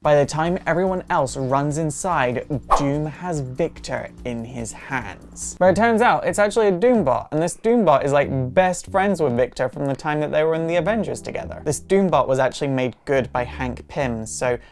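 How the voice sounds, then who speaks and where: A woman's voice: low voice, lively intonation, moderate pace, few pauses, darkish tone, a little hiss or hum. A woman hosting a casual comic book recap, chatting through the story and quoting the characters in her own voice. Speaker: host.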